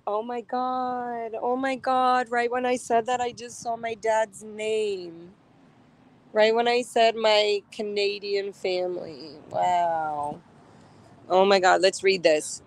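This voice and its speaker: A woman's voice: mid-range voice, steady tone, slow pace, low-quality recording. A woman livestreaming from a street outdoors, talking emotionally and chattily to her viewers.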